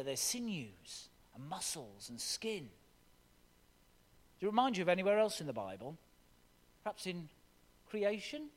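A man preaching a sermon with expressive, dramatic scripture reading in a church. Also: sits high. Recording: long reverb of a large hall.

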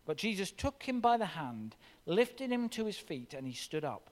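High, lively preacher in a reverberant hall. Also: male voice, moderate pace. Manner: dramatic, expressive reading. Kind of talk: sermon with scripture reading. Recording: long reverb of a large hall.

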